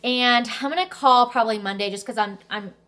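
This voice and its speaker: A young adult woman vlogging in a casual, chatty way, telling her story with animated energy and the odd swear word. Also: fairly high pitch, fairly quick. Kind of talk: casual chat.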